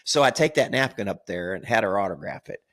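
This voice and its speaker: A man's voice: on the low side, animated, quick pace, a bit bright. An older man telling a rambling story as a podcast co-host, repeating words and laughing at his own tale. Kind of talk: casual storytelling.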